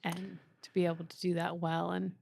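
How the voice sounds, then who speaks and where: Earnest, low-voiced woman co-host. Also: completely flat delivery, brisk, creaky, a little mellow, slight background noise. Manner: earnest, thoughtful, with frequent filler restarts. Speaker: podcast co-host. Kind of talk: casual faith talk.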